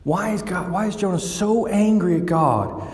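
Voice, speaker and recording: A man delivers a sermon, his voice climbing in pitch and volume whenever he drives a point home. The sound rings through a large, roomy space with a long reverb tail. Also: moderate pace. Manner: animated, rising in pitch and volume when building a point. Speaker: pastor. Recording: echoey church hall with long reverb.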